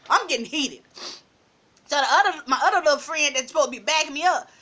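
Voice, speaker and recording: Woman spinning a storytime tale, high bright voice, laughs a lot, calls you baby. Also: fast. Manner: animated, laughs often, calls listeners "baby". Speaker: storytime vlogger. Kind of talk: casual storytelling.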